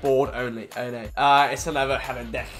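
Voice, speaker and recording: A British man who has a heavy cold, hosting a casual gaming video. He chats to viewers as lads and boys, bursts into loud shouts at big pulls, then drops to a low mutter. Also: flat delivery, brisk, faint music behind. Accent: British English. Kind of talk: pack-opening game commentary.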